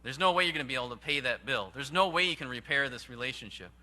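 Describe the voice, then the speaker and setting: A man preaching a sermon in an earnest, emphatic way, with sudden rises and hushed drops. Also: medium pitch, animated, fast. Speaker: pastor.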